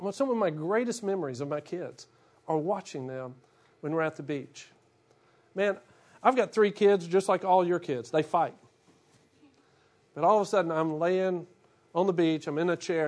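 A middle-aged man gives a conversational, joking sermon in a fairly high voice. He tells it like a story and acts out little scenes as he goes. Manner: humorous, animated storytelling with acted-out asides. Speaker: pastor.

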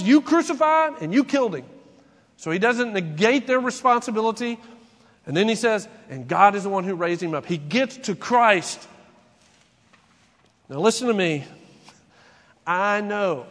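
A man's voice: high-pitched, fairly bright tone, long reverb tail. A man preaching a conversational sermon as pastor, asking rhetorical questions and acting out imagined conversations. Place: church sanctuary.

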